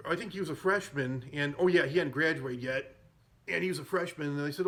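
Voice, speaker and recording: A podcast host casually retells scenes from films, wandering through the stories and chuckling at them as he goes. His voice is on the high side, a bit bright, and a little fast.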